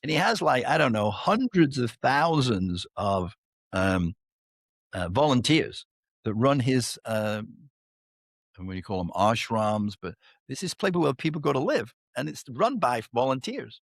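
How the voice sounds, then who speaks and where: Rambling male podcast host, lively pitch. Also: a little slow, vocal fry, dry recording, clean studio sound. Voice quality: rambling, laughing, tag questions like "right?". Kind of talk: casual storytelling chat.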